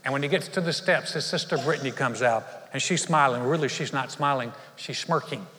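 A man's voice: medium pitch, a little fast, pushed and bright, long reverb tail. A man preaching a sermon as a pastor, telling a story earnestly in a church.

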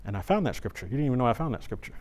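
A middle-aged man preaching at a church service at an ordinary pitch. He tells a personal story in an animated, conversational way, often restarting his sentences. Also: racing.

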